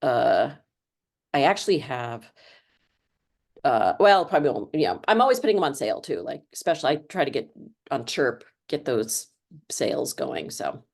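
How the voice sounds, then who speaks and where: A middle-aged woman author chatting in an interview, rambling warmly with lots of fillers and restarts. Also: extremely low pitch, very animated, normal speed. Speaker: author guest. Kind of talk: casual interview chat.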